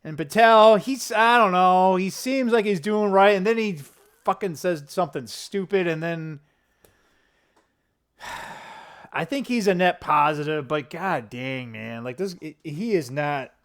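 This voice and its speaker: A man's voice: unhurried, smooth. A middle-aged man rambling to camera in a casual political vlog, swearing, laughing often and wandering off on tangents. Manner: profane, laughing, tangent-prone, animated swings in pitch. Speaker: political vlogger. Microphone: camera close up at a desk.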